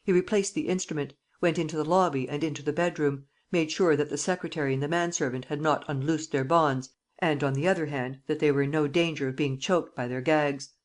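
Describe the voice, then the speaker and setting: An audiobook narrator reading a classic mystery novel in a measured storytelling manner. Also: mid-range voice, fairly even intonation.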